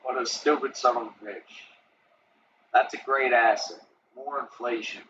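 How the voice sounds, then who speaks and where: A man's voice: mid-range voice, fairly even intonation, a little slow. A man ranting profanely and animatedly as a streamer reacting to news. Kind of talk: casual live-stream commentary. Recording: distant, dull lo-fi sound with faint hiss.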